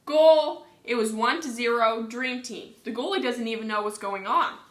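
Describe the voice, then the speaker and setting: Woman, cheerful storybook reader, bright tone, fairly high voice, echoey room. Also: moderate pace. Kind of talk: children's storybook read-aloud.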